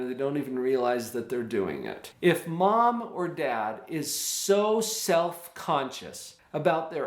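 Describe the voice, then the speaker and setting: Man, psychologist host, parenting advice, earnest, rhetorical questions, slightly high voice, echoey room. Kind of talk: advice talk to camera.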